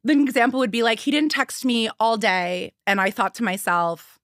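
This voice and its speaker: A young woman co-hosting a podcast chats about psychology, explaining it in a relaxed way and laughing often. Her voice sits on the high side, animated and a bit bright, at a moderate pace, captured in a dry, clean studio recording.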